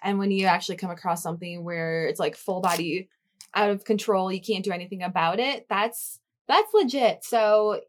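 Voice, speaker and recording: A young woman co-hosting a podcast in casual chat, telling stories in an animated way, peppered with "like" and swearing. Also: medium pitch, normal speed. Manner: animated storyteller, lots of "like", swears. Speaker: podcast co-host.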